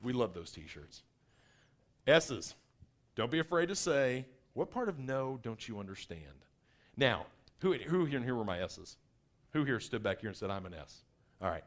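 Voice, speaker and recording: Man, middle-aged, workshop presenter, energetic seminar delivery, swooping lively pitch. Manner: animated, acts out personality types in quick voices.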